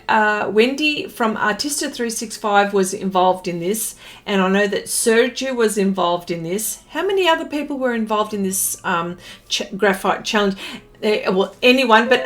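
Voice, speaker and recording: A middle-aged Australian woman hosts an art livestream, chatting casually and sounding a little flustered as she greets viewers by name. Her voice is fairly high and slightly bright.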